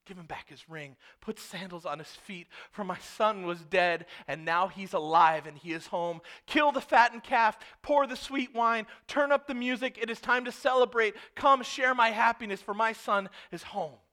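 Man playing overjoyed father, calling out orders, bright, high voice. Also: fairly even intonation, moderate pace, hardly any pauses. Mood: jubilant. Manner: commanding, jubilant. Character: overjoyed forgiving father welcoming his son home.

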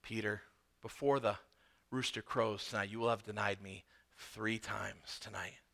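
Man voicing Jesus, calm, hushed, solemn, lower and softer than his preaching voice. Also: slow pace, gravelly, exaggerated voice.

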